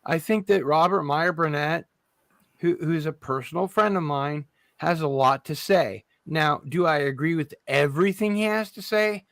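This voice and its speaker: A man moderating a livestream panel debate, speaking slowly and asking the others to stay civil. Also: on the high side, no room sound. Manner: slow and measured, calling for calm.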